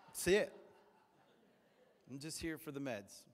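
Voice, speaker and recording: A man's voice: on the high side, expressive, takes it slowly, big-room sound. A man preaching a sermon in a church, talking conversationally and jokingly and acting out the people he quotes. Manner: conversational and jokey, acts out quoted voices. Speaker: pastor. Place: church sanctuary.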